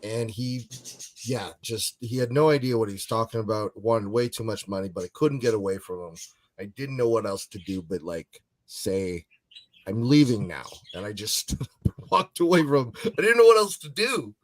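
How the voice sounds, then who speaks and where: Low-voiced man, relaxed chat. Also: moderate pace, dry recording, low-quality recording. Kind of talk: casual chat.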